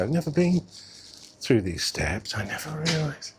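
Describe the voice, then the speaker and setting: Walking through city streets as he films, a vlogger with a fairly low voice gives casual tour commentary at a moderate pace with lively intonation. He chats to his viewers, calls them "guys," and muses aloud into a clip mic under his coat, with faint street noise behind him.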